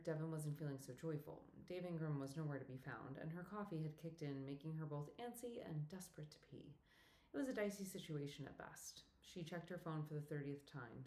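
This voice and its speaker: A woman with a low voice reads an audiobook in an even, measured way. The recording has a roomy echo around her narration. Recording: echoey room.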